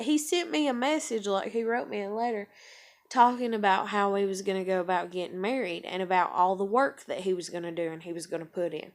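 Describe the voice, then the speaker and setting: A woman's voice: medium pitch, a little fast. A woman talking frankly in a personal vlog, rambling and swearing freely. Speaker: vlogger.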